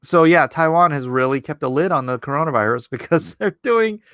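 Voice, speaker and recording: A man talking his way through a casual livestream, rambling and sarcastic and full of mocking asides. His voice sits a little high for a man. It is recorded close and dry, with no room sound. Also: animated, brisk, a bit bright, clean tone, no echo. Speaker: artist hosting a livestream. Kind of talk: casual political commentary.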